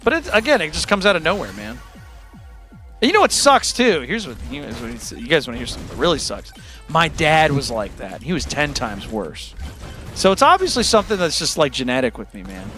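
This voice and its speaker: A man's voice: on the high side, very animated, brisk, pushed and bright. A man hosting his own music livestream, chatting candidly and self-deprecatingly with his audience in a rambling way. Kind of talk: casual chat to a live audience.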